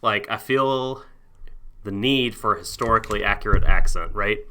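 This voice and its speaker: A man's voice: fairly low pitch, moderate pace, bright, forceful tone, a little hiss or hum. A man co-hosting a podcast in casual chat, playful and goofy, with hesitant fillers. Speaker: podcast co-host.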